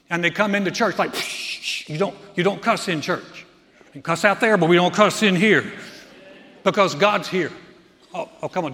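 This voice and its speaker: A man preaching a sermon as pastor of a church, lively and acting out what people say. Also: sits high. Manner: animated, acts out people's remarks. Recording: long reverb of a church hall.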